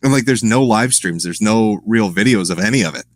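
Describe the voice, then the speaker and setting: Casting: man, low-pitched, loose profane rambling, laughs a lot, dry close sound. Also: brisk, dry recording. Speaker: podcast guest. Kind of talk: casual profane chat.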